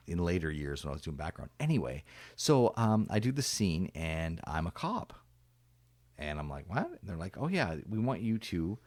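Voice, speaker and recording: A man's voice: low-pitched, dry recording. A man in his fifties hosting a casual interview, chatty and laughing into his own stories. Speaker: host. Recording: dry close mic.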